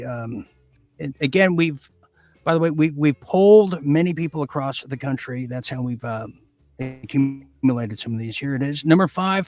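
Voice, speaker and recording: Brief: male mock quiz host, slightly high voice, hammy deadpan delivery, dry close mic. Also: dry recording. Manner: hammy, deadpan joking with filler-heavy pauses. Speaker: game show host. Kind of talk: mock quiz show hosting.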